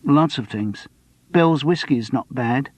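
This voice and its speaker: A man voicing a blunt, deadpan young barman, in a dry, close audiobook reading. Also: medium pitch, takes it slowly, no room sound, pitched above the performer's own voice. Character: spotty young male barman, blunt and laconic.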